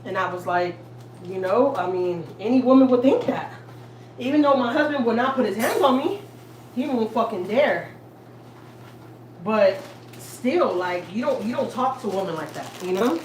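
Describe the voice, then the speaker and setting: A woman's voice: a little high, lively intonation, moderate pace, a little hiss or hum. A young woman from Houston, Texas, talking candidly to viewers about her family. She swears freely and acts out what people said to her. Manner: profane, candid, quotes people in dialogue. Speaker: family vlogger. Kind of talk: casual storytelling to viewers. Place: home kitchen.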